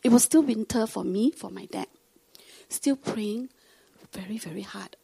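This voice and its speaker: A woman's voice: mid-range voice, unhurried, vocal fry, husky. A woman telling a testimony story in a sermon, acting out the voices of family members. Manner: animated, acts out quoted voices.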